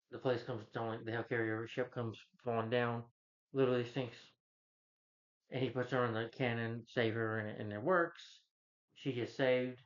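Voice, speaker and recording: Man rambling through a movie recap. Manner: rambling, chuckling, restarts, acts out quotes in a higher voice. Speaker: movie reviewer. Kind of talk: casual plot recap. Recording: dull lo-fi recording.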